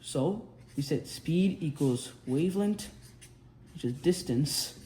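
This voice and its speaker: Slowly and with lively intonation, a young man with a slightly high, dark-toned voice explains physics as a casual tutor, drawing on a whiteboard. He keeps restarting sentences and correcting himself. The recording has a roomy quality and faint background noise.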